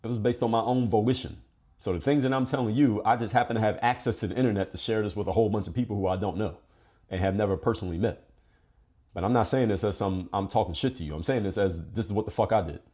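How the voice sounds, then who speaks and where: A man's voice: fairly low pitch, warm tone. A man from Philadelphia hosting a podcast, giving a blunt, profane motivational monologue. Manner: profane, direct, fast-talking. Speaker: podcast host.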